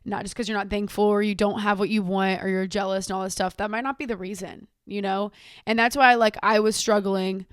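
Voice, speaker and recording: A woman's voice: mid-range voice, level tone, fairly quick, clear, resonant tone, dry recording, studio quality. A young woman hosting a podcast, talking candidly and emotionally in a rambling way, often repeating words as she opens up. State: tearful at times. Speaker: podcast host. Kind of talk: candid personal monologue. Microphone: own camera.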